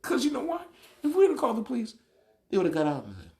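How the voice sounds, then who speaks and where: A man's voice: very high voice, wildly swooping pitch, racing, gravelly, warm tone. A man talking straight to the camera in a casual, opinionated monologue, telling stories animatedly. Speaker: vlogger.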